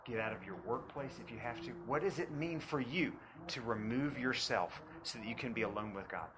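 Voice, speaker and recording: A man preaching a sermon to students, swinging from loud preaching to hushed asides and repeating phrases for emphasis. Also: medium pitch, fairly quick, noisy background.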